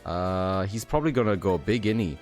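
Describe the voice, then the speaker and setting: A man's voice: low-pitched, animated, fairly quick, darkish tone, soft background music. A young man streaming a game, talking in a tired, rambling way full of fillers and casual swearing. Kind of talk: casual gameplay commentary.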